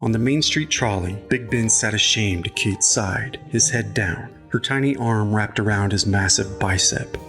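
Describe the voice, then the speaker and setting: A man narrating an audiobook chapter in a measured, even storytelling manner. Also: fairly low pitch, faint music behind.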